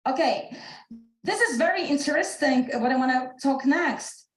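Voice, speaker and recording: A woman's voice: fairly high pitch, roomy sound, rough recording. A woman with a Slovak accent telling an earnest personal story on a video call, her English full of restarts. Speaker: speaker. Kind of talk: motivational talk on a video call.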